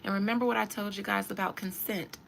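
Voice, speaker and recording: A woman's voice: medium pitch, fairly even intonation, fast, gravelly, fairly bright tone, slight background noise. Emphatic woman holding forth on a podcast. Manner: emphatic, preachy, addresses listeners directly. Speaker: podcast host. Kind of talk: casual commentary.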